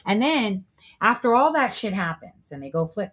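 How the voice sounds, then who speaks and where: A woman's voice: mid-range voice, very animated, a little slow, slightly rough. A woman hosting a show, delivering a preachy, profane monologue full of rhetorical asides. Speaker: show host. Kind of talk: monologue commentary.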